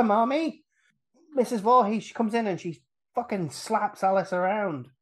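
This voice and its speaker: A man on a casual podcast, retelling a film's plot with lively energy, acting out the characters' lines and laughing often. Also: fairly high pitch. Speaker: podcast guest retelling a film.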